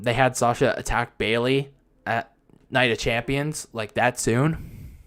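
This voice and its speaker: A man's voice: mid-range voice, a bit bright. A young man hosting a wrestling podcast alone, talking casually in a frustrated, rambling way with many restarts and fillers. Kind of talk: casual solo commentary.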